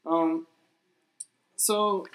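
A young man hosting a casual podcast chat, relaxed and steering topics with questions. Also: on the high side, drawn-out words. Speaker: podcast host. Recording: echoey room.

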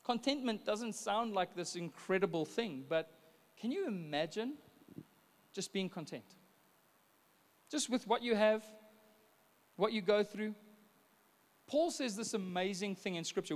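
High-voiced pastor, chatty. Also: male voice, normal speed. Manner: chatty storytelling with frequent restarts. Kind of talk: conversational sermon. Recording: long reverb of a church hall.

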